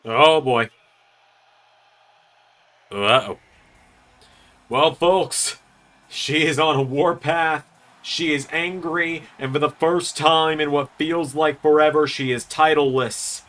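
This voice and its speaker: A man hosting and commentating on a wrestling video game series, doing chatty, excitable play-by-play with jokes. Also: fairly high pitch, slow pace, pauses often.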